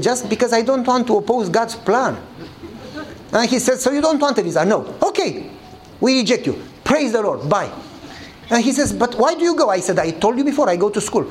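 This man, a pastor, speaks a little fast as he tells a sermon story in English with non-native grammar. He acts out each line of dialogue with varying pitch, captured on a low-quality recording with slight background noise.

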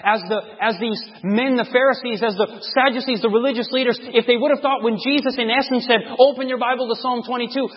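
Male preacher, sermon, high-pitched, husky, dramatic scripture reading, long hall reverb. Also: fairly even intonation, brisk, few pauses, lo-fi sound. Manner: dramatic scripture reading, drops to a hush on key words.

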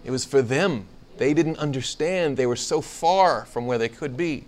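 A man's voice: mid-range voice, moderate pace. A man teaching a Bible seminar to a live audience, asking questions and acting out the quoted lines. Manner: animated, asks the room questions, acts out quoted lines.

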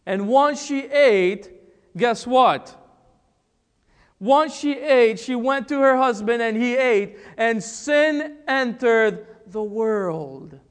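Slow, high-voiced preacher in a reverberant hall. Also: male voice, smooth. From Republic of the Congo. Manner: emphatic, rhetorical questions, dramatic pauses. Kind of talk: sermon. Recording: long church-hall reverb.

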